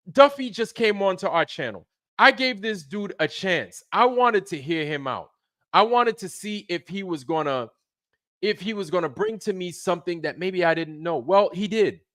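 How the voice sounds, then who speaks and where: Channel host, heated and profane, higher-pitched male voice, dry close-mic sound. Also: expressive, moderate pace, a bit bright, no echo. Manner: heated, profane, repeats himself. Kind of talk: angry livestream rant.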